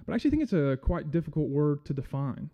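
Male guest preacher, fairly high voice, friendly and halting, on a dull lo-fi recording. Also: very animated. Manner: friendly, self-deprecating, halting with many fillers. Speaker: guest church speaker. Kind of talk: casual sermon.

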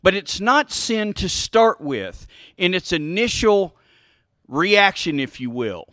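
Slow, bright-voiced male preacher. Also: high voice, big pitch swings, no echo, studio quality. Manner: asks the listeners questions and answers them himself; emphatic, repeats key phrases. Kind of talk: sermon with Bible reading.

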